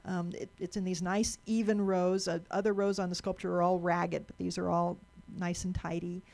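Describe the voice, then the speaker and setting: Gravelly-voiced woman lecturing an audience. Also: fairly low pitch, little pitch movement, normal speed, darkish tone. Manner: chatty, repeats and restarts words often; asks the audience questions. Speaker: speaker giving a talk.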